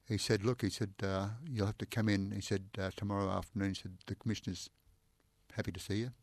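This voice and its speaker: An older Australian man recounts his police days in an animated, anecdotal style, stacking "I said" on top of each other and laughing as he goes. His voice sits fairly low, and the sound is dry and close. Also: quick pace, no echo. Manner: animated, repeats "I said" often, laughs while telling. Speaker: interview guest, former police inspector. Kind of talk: anecdotal storytelling in conversation.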